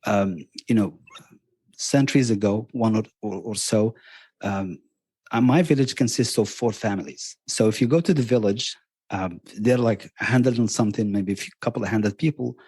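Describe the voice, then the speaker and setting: A man's voice: fairly low pitch, moderate pace, darkish tone, slightly rough, no room sound. A middle-aged man from Morocco with a Moroccan accent, chatting on a podcast as a travel guest, eager and rambling with many restarts. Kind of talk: casual podcast chat. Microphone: podcast microphone.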